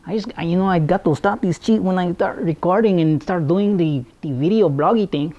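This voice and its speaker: A man rambling goofily and mocking himself as a vlogger warming up before recording. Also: fairly high pitch, animated, brisk. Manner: goofy, rambling, self-mocking. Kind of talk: off-the-cuff warm-up chatter. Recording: dull lo-fi recording.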